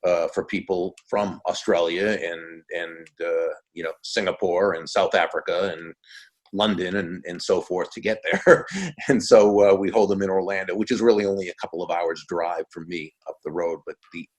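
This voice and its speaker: A man in his sixties, a guest author in a casual interview, relaxed and trailing off softly at the ends of phrases. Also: deep voice, normal speed. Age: 60s.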